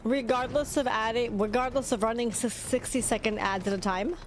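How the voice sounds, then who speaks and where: A woman's voice: on the high side, steady tone, fairly quick, a little hiss or hum. Chatty woman streaming a game. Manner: chatty, rambling, talks to herself. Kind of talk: casual live-stream chat while gaming. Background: game music.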